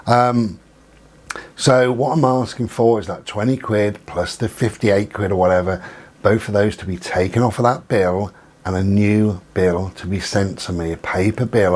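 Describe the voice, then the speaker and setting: A man with a husky voice, telling an exasperated story about phone calls and acting out both sides of the dialogue. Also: fairly low pitch, darkish tone. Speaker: vlogger. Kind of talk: casual storytelling rant.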